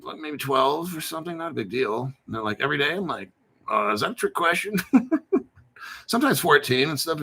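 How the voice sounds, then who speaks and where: A man's voice: on the high side, sharp tone. A man hosting a casual crypto livestream, rambling and joking with lots of swearing. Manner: rambling, profane, jokey. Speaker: crypto YouTuber. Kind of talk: casual unscripted livestream talk.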